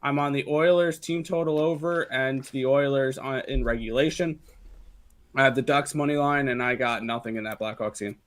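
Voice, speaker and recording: A man co-hosting a casual sports betting show, laying out his hockey bets quickly with many fillers. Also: medium pitch, steady tone.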